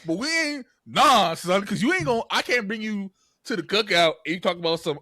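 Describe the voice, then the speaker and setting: A man, co-hosting a podcast, telling a story with swearing and rising to yelling. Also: high voice, expressive, fairly quick, no room sound, studio quality. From New York area. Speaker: podcast co-host. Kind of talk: casual podcast chat.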